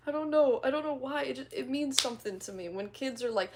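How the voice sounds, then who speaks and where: A woman's voice: high voice, fast talker, hardly any pauses, darkish tone. A young woman from the Midwest with a slight twang, chatting casually and reading viewer comments on a livestream, rambling and giggly with casual swearing.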